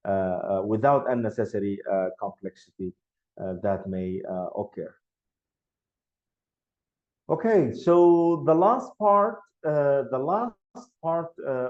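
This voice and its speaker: Brief: male lecturer, hesitant delivery, mellow tone, muffled recording. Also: mid-range voice. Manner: halting, many filler sounds and restarts. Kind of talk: academic presentation. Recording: dull lo-fi sound.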